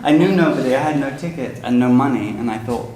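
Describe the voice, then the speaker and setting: Here the author guest, a man in his thirties, is a fast talker with a slightly mellow mid-range voice. He chats theatrically and laughs often during an on-stage book launch interview before an audience; the roomy hall recording has a little hiss or hum.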